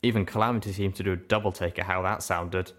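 A man narrating a story in an expressive storytelling manner. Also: deep voice, quick pace. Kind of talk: audiobook narration.

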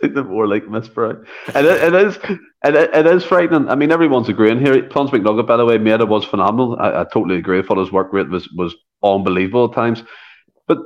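A man co-hosting a fan podcast, chatting quickly about football and teasing his co-host. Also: lowish voice, lo-fi sound. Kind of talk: casual football chat.

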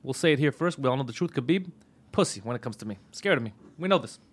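A man's voice: expressive, fast talker. A middle-aged man co-hosting a comedy podcast, chatting casually and jumping into mock voices. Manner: joking, jumps into mock voices with big pitch leaps. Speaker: podcast co-host.

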